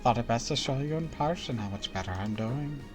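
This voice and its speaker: A calm, gentle woman back on her feet after an illness, read aloud by a man. She speaks softly and quietly to reassure others, at a middle pitch with faint music underneath. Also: brisk, close to an everyday voice. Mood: reassuring. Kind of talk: reading game dialogue aloud on a stream.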